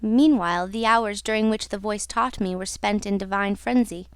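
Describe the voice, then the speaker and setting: A woman's voice: mid-range voice, moderate pace, smooth, no echo, studio quality, lightly acted. A woman reading an audiobook, voicing a young female opera singer who confides her story in an earnest, wistful way.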